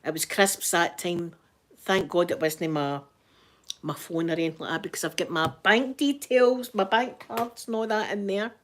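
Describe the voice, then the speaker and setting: A woman's voice: lowish voice, moderate pace, fairly bright tone, a little hiss or hum. A woman with a Glasgow accent, hosting her channel with a chatty, rambling manner and Scots words. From Scotland. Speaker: channel host. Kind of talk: casual livestream chat.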